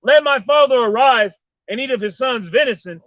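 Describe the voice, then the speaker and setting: A man with a very high and bright voice reads scripture aloud and names each verse number before he reads it. The sound is dry and dull, with no room echo. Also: lively intonation, moderate pace. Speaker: scripture reader. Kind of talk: reading Bible verses aloud.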